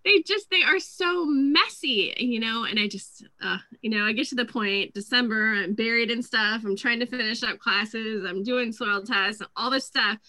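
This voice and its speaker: A woman, chatting as co-host and telling animated stories about her family. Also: fairly high pitch, normal speed, hardly any pauses, no echo, low-quality recording. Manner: chatty storyteller, quotes her kids in lively voices. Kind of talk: casual chat.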